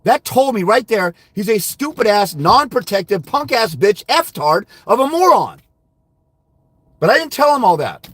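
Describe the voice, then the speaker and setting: A man's voice: sits high, sing-song, measured pace, a bit bright, breathy edge, no room sound. A man hosting a fathers' rights livestream, telling a story about a client in a heated, profane, insulting rant. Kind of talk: angry monologue recounting a client call.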